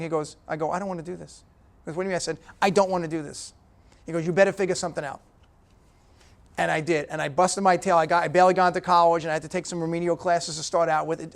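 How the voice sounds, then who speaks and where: Guy with a pretty high voice doing a motivational talk, blunt, keeps saying okay to the room. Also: a bit bright. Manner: punchy, direct, talks to the audience with repeated "okay?". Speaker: guest speaker at a business breakfast. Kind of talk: motivational speech.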